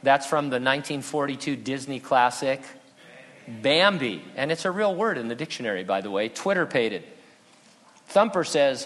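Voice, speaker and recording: A man's voice: medium pitch, lively intonation, moderate pace, a bit bright. A male pastor preaching an earnest, conversational sermon with touches of humor. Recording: long reverb in a hall.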